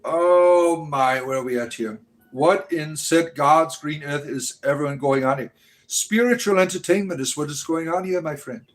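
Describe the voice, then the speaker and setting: A man from the United States hosting a casual livestream, reading chat aloud and rambling with frequent "right?" tags. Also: medium pitch.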